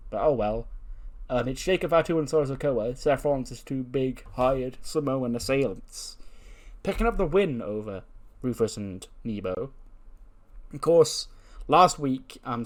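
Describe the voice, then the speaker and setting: A man giving a laid-back, jokey recap of a wrestling sim game, with many ums. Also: mid-range voice. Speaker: game commentator.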